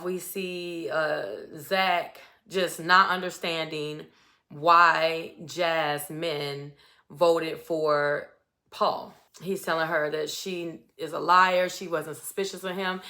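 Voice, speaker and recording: A bright-voiced woman recaps a reality competition episode in a casual, chatty way. She talks with sass, acting out what the contestants said and firing off her own opinions. Her tone is lively and expressive. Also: fairly low pitch. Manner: animated, sassy, acts out quotes with attitude.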